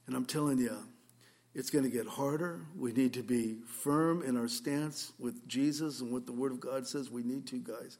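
A man's voice: medium pitch, moderate pace, a little mellow. Earnest man preaching conversationally. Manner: earnest, storytelling, with restarts. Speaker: pastor. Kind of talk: conversational sermon.

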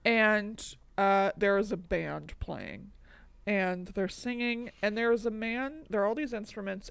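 Rambling, animated woman co-host. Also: mid-range voice, gravelly, clean tone, no echo. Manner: animated, rambling, swearing freely. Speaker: podcast co-host. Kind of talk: casual chat.

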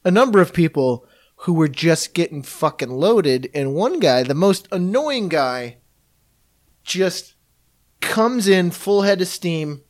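A man's voice: sits high, sing-song, takes it slowly. A man casually telling a swear-filled anecdote about a customer he met at his bar, slipping into impressions of the people involved. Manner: profane storytelling, mimics people he met. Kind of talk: casual podcast chat.

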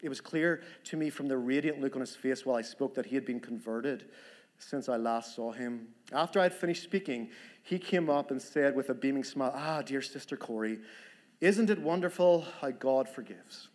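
An elderly woman survivor recounts her past gravely and steadily, as a man speaks her words. The voice sits at a middle pitch and carries a sober, earnest weight throughout. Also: brisk, close to an everyday voice. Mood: solemn. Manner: steady, solemn first-person retelling.

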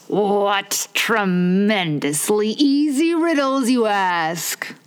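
A woman reading a storybook aloud, putting on a higher, slow, pompous voice for a touchy male egg perched on a wall. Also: animated, clear, resonant tone. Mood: haughty. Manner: pompous, slow, drawn-out emphatic phrasing.

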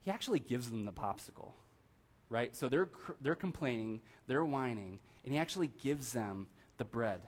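A man's voice: medium pitch, normal speed. Conversational male pastor preaching a sermon. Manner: conversational, asks the room "right?" often, animated quoting. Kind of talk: casual sermon. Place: church sanctuary.

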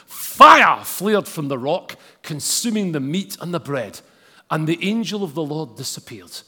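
A man's voice: on the high side, very animated, unhurried, bright, forceful tone, husky. A man preaching a sermon and reading scripture aloud, with casual asides to the congregation. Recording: long hall reverb.

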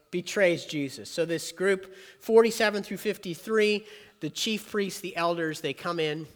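A man preaching a sermon, talking plainly and with emphasis, then easing into a quiet prayer. His voice sits fairly high for a man. A long reverb from a large hall trails every phrase. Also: normal speed. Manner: animated preaching that drops to soft earnest prayer. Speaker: pastor.

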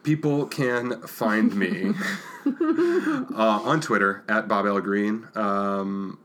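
A man's voice: fairly low pitch, very animated, very slow, a bit bright. A man chatting casually as a podcast guest, hesitant and self-deprecating, with lots of ums and uhs. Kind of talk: casual chat.

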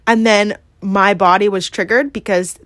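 A podcast host candidly relates a personal story, swearing emphatically and repeating "like" and "yeah?" a lot. Her mid-range voice is a bit bright, with fairly even intonation and a moderate pace, on a dry, clean studio recording.

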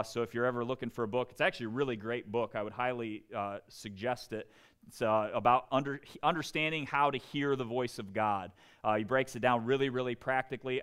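A man preaching a sermon, earnest, dropping to soft, quiet tones for emphasis. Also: mid-range voice, clean tone. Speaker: pastor.

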